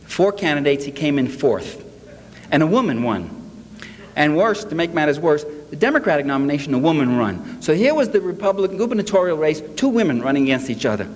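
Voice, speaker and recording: Man, sarcastic public speaker, fairly high voice, live lecture in a reverberant hall. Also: a little fast. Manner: sarcastic, animated, mocks quotes. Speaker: political lecturer. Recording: echoey hall, faint hiss.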